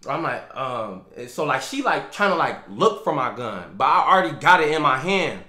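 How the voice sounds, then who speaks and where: A young man casually telling a story time in loose slang, full of fillers, getting loud and animated as he relives it. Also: medium pitch, normal speed. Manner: gets loud and animated when reliving the scene. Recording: echoey room.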